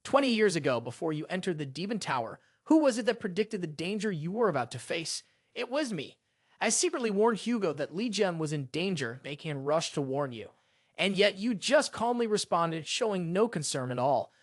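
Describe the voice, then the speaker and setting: A man's voice: high-pitched, very animated, a little fast, dry recording, clean studio sound. A man voicing an indignant ranting sun god. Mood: angry. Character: proud furious male sun god.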